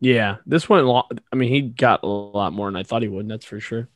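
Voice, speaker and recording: A man's voice: fairly low pitch, fairly quick, no echo, studio quality, soft background music. A man co-hosting a podcast, laid-back in casual chat, giving short agreeing replies and swearing casually. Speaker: podcast co-host.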